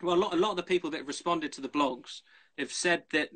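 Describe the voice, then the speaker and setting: A man's voice: fairly high pitch, fast talker, a bit bright. A man, a blogger, chatting eagerly and a little nervously on a live video call. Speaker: blogger, interviewer. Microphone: phone on a live video call.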